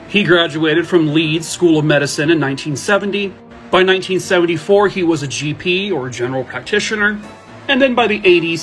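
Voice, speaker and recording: A man narrating true crime cases in a casual way, dropping wry jokey asides. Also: sits high.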